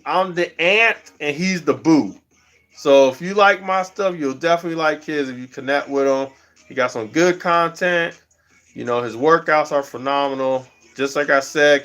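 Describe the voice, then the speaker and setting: A man's voice: on the high side, a bit bright. A man livestreaming, chatting casually and rambling, chuckling often as he talks.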